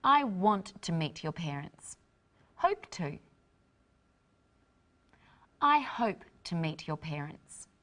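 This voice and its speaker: A woman presenting an English lesson with clear, deliberate, instructive delivery. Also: on the low side, sing-song, fairly bright tone. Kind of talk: scripted teaching narration.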